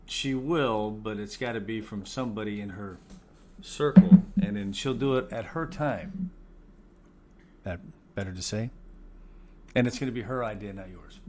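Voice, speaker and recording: A man's voice: lowish voice, moderate pace, pauses often, a little mellow, a little hiss or hum. A man in casual conversation, co-hosting, talking bluntly and arguing his point, swearing now and then. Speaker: co-host, bereaved father. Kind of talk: casual chat.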